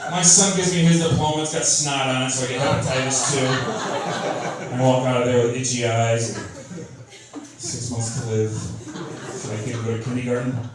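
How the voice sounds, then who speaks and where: A man's voice: mid-range voice, steady tone, moderate pace, long pauses. A man doing a stand-up comedy set in a club, with a crude, sardonic, mocking delivery. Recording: echoey club from far off, crowd laughing. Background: audience laughter.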